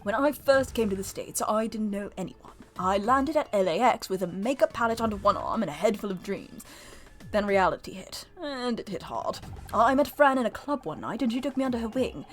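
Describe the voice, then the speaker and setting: A woman's voice: medium pitch, lively intonation, brisk, lightly acted. A woman voicing a flamboyant British gay male makeup artist, reading game dialogue in a put-on British accent with a theatrical drawl. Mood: wistful.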